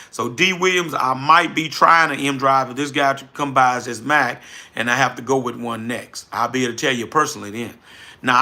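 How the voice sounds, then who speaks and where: A middle-aged man with a New Orleans accent hosting a casual livestream, folksy and animated as he answers viewers directly. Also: medium pitch. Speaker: livestream host, trucking business owner.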